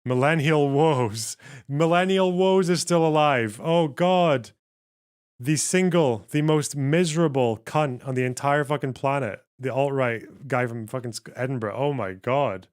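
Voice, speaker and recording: A male streamer in casual livestream commentary, reacting bluntly and swearing freely. He speaks at a middle pitch and laughs often between remarks. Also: a little slow, smooth. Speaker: livestream host.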